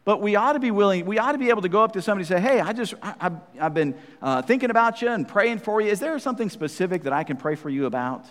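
Lively high-voiced male preacher in a hall. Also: very fast, few pauses. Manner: conversational preaching with frequent "right?" asides. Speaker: pastor. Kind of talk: sermon.

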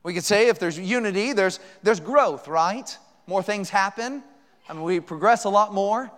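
A man's voice: high-pitched, moderate pace, a bit bright, long reverb tail. A man preaching a sermon as a guest preacher, folksy and joking, with many rhetorical questions. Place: church sanctuary.

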